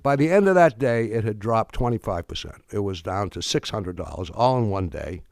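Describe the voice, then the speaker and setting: Man, lower voice, dry close sound; public lecturer who tells stories and voices the people in them. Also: lively intonation, normal speed, no echo. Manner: conversational, acts out quoted dialogue. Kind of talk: public lecture, anecdotal storytelling.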